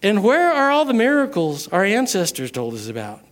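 A man's voice: high-pitched, wildly swooping pitch, moderate pace. A man voicing a timid, doubting young man who complains incredulously during a sermon. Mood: complaining.

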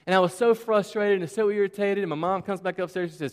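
A man with a high voice preaches to children in a church. He tells his stories in a chatty, animated way and often repeats words. A long reverb from the large hall trails his voice. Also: fast talker, clean tone. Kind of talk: children's sermon storytelling.

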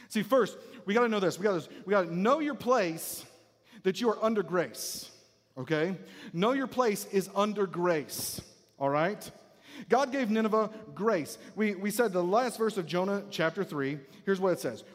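A man preaching a sermon, emphatic and repetitive, often dropping to a near-hush to drive points home. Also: high voice, expressive, normal speed. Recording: long hall reverb.

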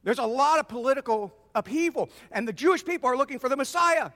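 High-voiced, animated preacher. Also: male voice, fast talker. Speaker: pastor. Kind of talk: sermon. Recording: long reverb in a large hall.

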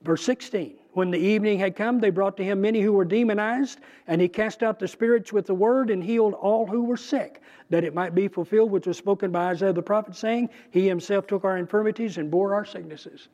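Man teaching scripture, high voice. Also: warm tone, highs cut off. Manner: conversational, emphatic, with pauses and restarts. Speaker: preacher. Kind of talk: bible teaching.

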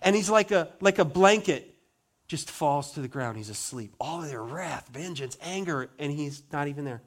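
A male pastor preaching a sermon dramatically, slowing down for emphatic stresses and dropping to soft asides. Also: on the high side, animated.

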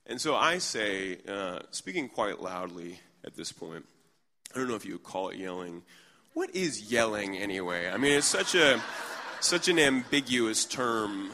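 A man in his thirties delivers a sermon through a personal story, owning his faults with candid, self-deprecating humor. His voice sits low but rings bright and forward. A long hall reverb trails every phrase.

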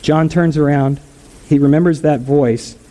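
A man's voice: on the high side, fairly even intonation, measured pace, mellow, rough recording. A man preaching a sermon as a pastor, talking conversationally and asking the congregation questions.

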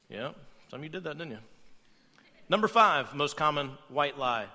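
A man preaching a humorous sermon, playful and animated, acting out quoted voices as he goes. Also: on the high side, moderate pace, long pauses, big-room sound. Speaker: pastor.

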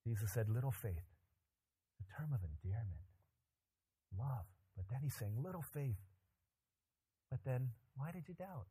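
A pastor preaching a sermon, animated and joking, with loud emphatic climbs in his voice. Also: mid-range voice, moderate pace, husky.

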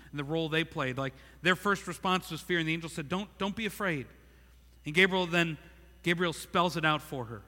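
A man's voice: fairly high pitch, pushed and bright. A man in his thirties preaching a sermon, earnest and repeating words, acting out the thoughts of the figures he reads about. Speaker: pastor. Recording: long hall reverb.

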